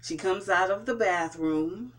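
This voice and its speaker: A vlogger recapping and reviewing a TV episode in a casual way, pausing often and restarting sentences. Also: mid-range voice, a bit bright. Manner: hesitant, with frequent fillers and restarts. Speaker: TV show reviewer.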